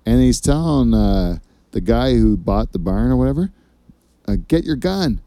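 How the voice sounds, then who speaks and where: Mellow, profane rambling male podcast host. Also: fairly low pitch, animated, normal speed, smooth, no echo. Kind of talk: casual comedy chat.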